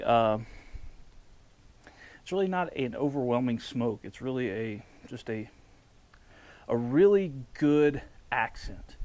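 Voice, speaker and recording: Easygoing man hosting a cooking vlog. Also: mid-range voice. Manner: enthusiastic, relaxed, filler-heavy. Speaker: barbecue cooking channel host. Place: outdoors at a smoker.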